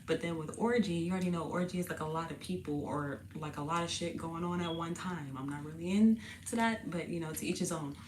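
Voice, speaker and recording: A woman hosting a casual tarot reading video, chatty and slangy, laughing often and sounding a bit parched and husky. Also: deep voice, fairly quick, few pauses, a little hiss or hum. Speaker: tarot reader and channel host. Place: indoors, sitting on the floor.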